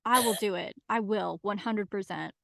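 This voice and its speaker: Sex: woman. Role: podcast co-host. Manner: eager, enthusiastic. Sound: dry, close, middle pitch. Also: moderate pace, vocal fry, a bit bright, dry recording. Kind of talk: casual interview chat.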